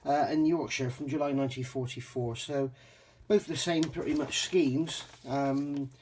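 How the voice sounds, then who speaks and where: A man's voice: mid-range voice, steady tone, a little slow, darkish tone, a little hiss or hum. Chatty English man reviewing a model kit. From England. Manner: chatty, many ums, self-correcting. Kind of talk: casual unboxing review.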